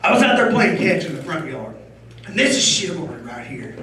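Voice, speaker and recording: Rowdy stand-up comic in an echoey club. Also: male voice, fairly high pitch, sing-song, brisk, a little hiss or hum. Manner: loud, rowdy, crowd-baiting, crude. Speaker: stand-up comedian. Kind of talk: stand-up comedy set. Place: comedy club stage. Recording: roomy club sound from a distance.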